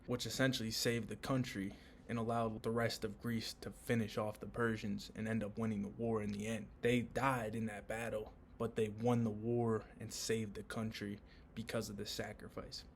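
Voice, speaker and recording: A man's voice: lowish voice, a little hiss or hum. Slangy young man recapping a comic. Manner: slangy and excited, swears freely. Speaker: manga recap YouTuber. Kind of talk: casual commentary.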